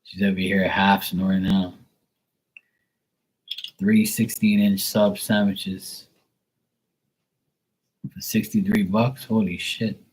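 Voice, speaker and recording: A man's voice: sits low, flat delivery, takes it slowly, long pauses, husky, low-quality recording. A man hosting a casual livestream tarot reading, joking and swearing as he reads the chat aloud. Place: Bermuda.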